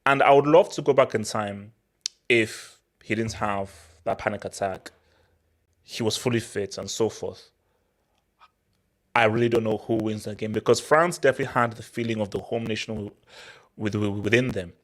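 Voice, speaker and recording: A young man from Nigeria hosting a casual football talk, excitable and prone to repeating words as he restarts his sentences. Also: fairly low pitch, normal speed. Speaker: football channel host. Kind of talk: casual football commentary monologue.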